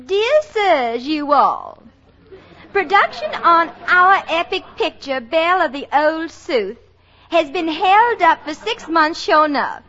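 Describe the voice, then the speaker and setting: A woman's voice: extremely high pitch, very animated, takes it slowly, fairly bright tone, heavily acted. A woman playing a ditzy young secretary who puts on a hammy, sing-song Southern US drawl, in 1930s film comedy style. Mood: syrupy. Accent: exaggerated put-on Southern US drawl. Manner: sing-song, syrupy, over-the-top dialect. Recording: dull, hissy old film soundtrack.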